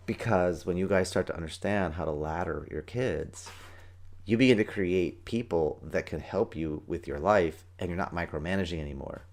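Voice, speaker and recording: Male podcast host, deep voice, quick and excitable, acts out little scenes. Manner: fast, excited, acts out kids' and parents' voices. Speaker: podcast host, parenting coach and martial arts teacher. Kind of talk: energetic solo podcast talk.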